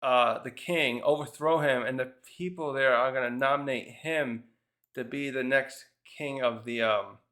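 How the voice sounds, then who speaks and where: A man's voice: mid-range voice, fairly even intonation, unhurried, fairly bright tone. Man rambling through a manga review. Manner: rambling, thinks aloud, often restarts mid-sentence. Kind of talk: casual review commentary.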